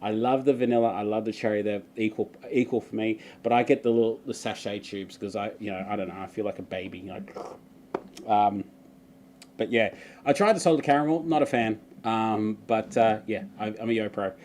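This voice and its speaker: A man's voice: fairly low pitch, steady tone, a little fast, a little mellow, a little hiss or hum. A man, chatting loosely and laughing often as he answers viewer questions in a live stream, breaking into mock-dramatic outbursts. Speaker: vlogger. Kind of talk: live Q&A chat.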